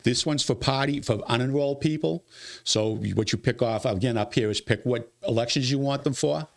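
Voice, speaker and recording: Fast-talking gravelly man, city official. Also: medium pitch. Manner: rapid, animated, repeats himself when exasperated. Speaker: city elections director. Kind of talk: casual studio interview. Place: local TV studio.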